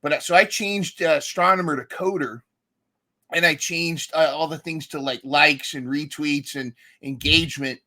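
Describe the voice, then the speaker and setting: A man's voice: fairly high pitch, steady tone, moderate pace, bright, forceful tone. A man hosting a podcast, chatting enthusiastically and rambling with frequent restarts. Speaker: podcast host. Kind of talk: casual conversation.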